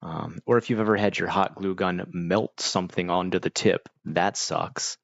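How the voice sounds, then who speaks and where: A man's voice: deep voice, fairly even intonation, normal speed, creaky, dry recording. A middle-aged man streaming live, chatting casually with viewers in a rambling, laid-back way, full of "like" and "dude". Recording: dull, dry lo-fi mic.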